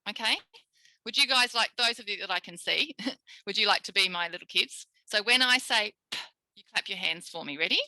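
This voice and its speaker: A woman's voice: medium pitch, a little fast, sharp tone, no echo, rough recording. A woman with an Australian accent giving a live online speech pathology tutorial, modelling sounds and praising her listeners as if they were young children.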